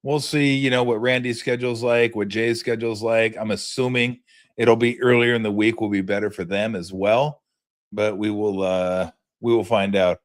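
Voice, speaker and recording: Animated man telling a story. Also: fairly low pitch, moderate pace. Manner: animated, laughing storyteller with many fillers and restarts. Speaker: podcast host. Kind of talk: casual storytelling monologue.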